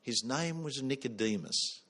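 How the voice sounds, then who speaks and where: A man's voice: medium pitch, expressive, a little slow, a bit bright. A man preaching a sermon, earnest, putting questions to the congregation.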